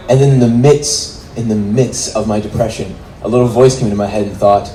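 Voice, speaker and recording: In a roomy club with faint background noise, a man in his twenties delivers stand-up a little fast in a mid-range voice. He's animated and acts out each voice in the stories he tells.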